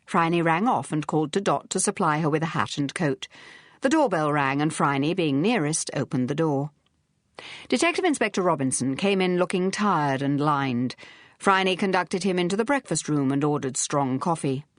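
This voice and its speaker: A woman narrating an audiobook in a measured, even manner. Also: sits low, no echo, studio quality. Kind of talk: scripted narration.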